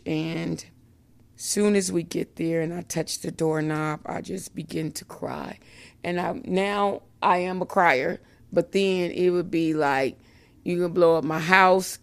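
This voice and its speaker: Slow, gravelly woman giving testimony. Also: fairly low pitch. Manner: slow and emotional, many "um" fillers, laughs often. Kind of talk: personal faith testimony.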